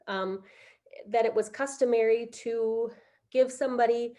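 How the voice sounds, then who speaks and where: A middle-aged woman on a video call, telling a heartfelt personal story on a panel, halting with many fillers. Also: a little high, fairly even intonation, mellow. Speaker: conference panelist.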